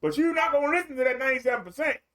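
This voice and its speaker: A man's voice: extremely high pitch, animated, racing, bright, forceful tone. A man preaching a streamed sermon in a colloquial, repetitive storytelling way.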